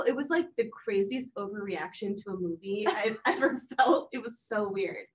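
A woman's voice: mid-range voice, moderate pace, hardly any pauses, recorded from a distance, poor audio. A woman co-hosting a podcast, chatting casually and telling a story with lots of laughter. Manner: animated storyteller, laughs often. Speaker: podcast co-host. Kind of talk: casual chat.

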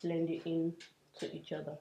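A young woman doing a casual makeup tutorial, chatty and self-mocking, dropping to soft murmurs as she works. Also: low-pitched, completely flat delivery, normal speed, muffled recording. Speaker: beauty vlogger. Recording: roomy echo, faint hiss.

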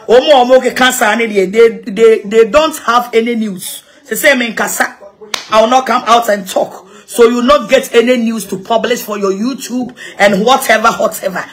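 A Ghanaian woman evangelist giving an impassioned, animated address, repeating herself and laughing between points. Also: a little high. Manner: animated, repetitive, mixing local-language phrases, laughing asides. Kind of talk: impassioned social media address.

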